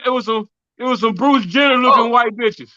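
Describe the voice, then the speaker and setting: A man's voice: very high-pitched, fairly quick, bright, forceful tone, dry recording, dull audio. A man co-hosting a podcast, joking and cutting in with profane remarks in casual chat. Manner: profane, jokey, interjecting. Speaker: podcast co-host.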